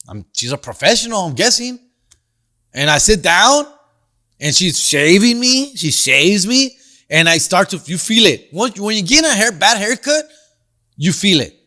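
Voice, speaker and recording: A man's voice: high voice, very animated, unhurried, sharp tone. A man hosting a comedy podcast, telling a story in a slangy, profane, casual way. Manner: answers listener questions.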